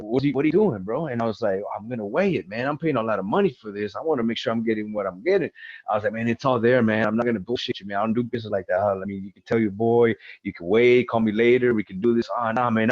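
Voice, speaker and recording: A man's voice: on the low side, quick pace, no room sound, highs cut off. A man as an interview guest, casually retelling a personal story with lots of swearing and acted-out quotes.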